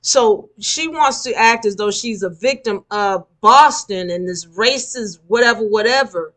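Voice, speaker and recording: A woman's voice: fairly high pitch, animated, a little slow, fairly bright tone. A woman giving a live spiritual lecture, emphatic and repeating her key points for the listeners. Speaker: spiritual teacher.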